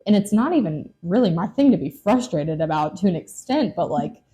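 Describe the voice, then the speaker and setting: A young woman hosts a relaxed interview in a fairly low, warm, mellow voice. She talks in a loose, rambling way and fills her sentences with "like" and "you know.". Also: brisk. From Lexington, Kentucky. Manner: chatty, heavy use of "like" and "you know". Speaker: podcast host. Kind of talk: casual interview conversation.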